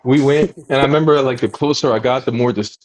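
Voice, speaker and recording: A man's voice: fast talker, a little hiss or hum. A man in his thirties co-hosting a podcast, telling stories in casual chat and acting out quotes. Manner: animated, acts out quotes in high voices. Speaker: podcast co-host.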